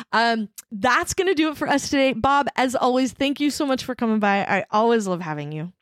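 A woman's voice: on the high side, lively intonation, brisk, hardly any pauses, dry recording, clean studio sound. A woman hosting a podcast in casual, playful chat, laughing easily. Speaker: podcast host.

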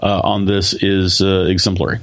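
A man co-hosting a casual tech podcast, giving firm opinions in quick bursts. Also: sits low, flat delivery, a bit bright. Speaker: podcast co-host.

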